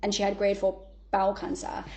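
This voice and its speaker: A woman, a podcast guest telling stories in a candid, animated way, blunt and swearing freely. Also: medium pitch, brisk. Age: 30s. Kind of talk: candid conversational storytelling.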